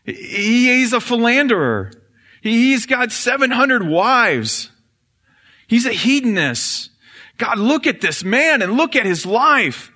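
A man's voice: very high voice, very animated, takes it slowly, sharp tone, voice pushed up, heavily acted. A pastor voicing Satan as a contemptuous male devil who keeps accusing people before God. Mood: indignant. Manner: raised, accusing, insistent. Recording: reverberant church hall.

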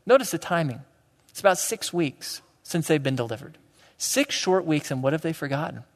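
A man preaching a sermon as pastor, animated and building to loud, emphatic peaks. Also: on the high side, normal speed. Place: church sanctuary. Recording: reverberant church hall.

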